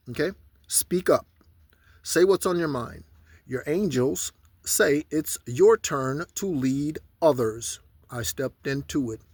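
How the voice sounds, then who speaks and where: A man giving casual spiritual guidance, rambling in asides and slowly repeating mantras three times over. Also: on the high side, a little mellow, dry recording. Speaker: spiritual channeler.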